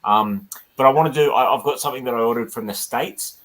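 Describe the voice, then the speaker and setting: A man's voice: mid-range voice, fast talker, poor audio. Easygoing man on a call. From Australia. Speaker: toy collecting YouTuber. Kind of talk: casual video call chat.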